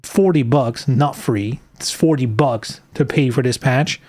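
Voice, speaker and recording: A man's voice: medium pitch, measured pace, a little mellow. A man streaming live, reading game news aloud and ranting about it sarcastically, swearing often.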